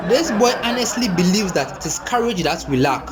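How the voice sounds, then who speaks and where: A young Ghanaian man with a Ghanaian accent telling a comic story, animated and exclaiming, with laughing asides. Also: sits high, fairly quick. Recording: crowd chatter and noise behind.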